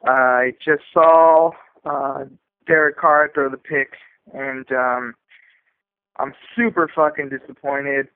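A man's voice: medium pitch, steady tone, slow, clear, resonant tone, no echo. A man from El Centro, California, calling in to a fan radio show with a profane, frustrated rant. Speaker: fan caller. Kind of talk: angry call-in rant. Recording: tinny phone line.

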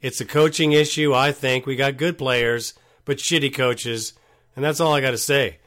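A man's voice: mid-range voice, steady tone, normal speed, a bit bright. A man hosting a call-in sports show, talking in a blunt, frank and casual way.

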